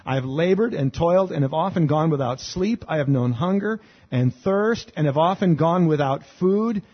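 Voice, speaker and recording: A man's voice: a little high, expressive, normal speed, slightly rough, highs cut off. A man preaching a conversational sermon as pastor, reading scripture aloud and adding rhetorical questions and dry sarcastic asides. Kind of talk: expository sermon.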